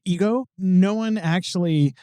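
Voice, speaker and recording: A man's voice: high-pitched, warm tone, clean tone, no room sound, studio quality. A man hosting a film podcast, talking casually and enthusiastically, often correcting himself mid-sentence. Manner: rapid, enthusiastic, self-correcting. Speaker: podcast host and filmmaker.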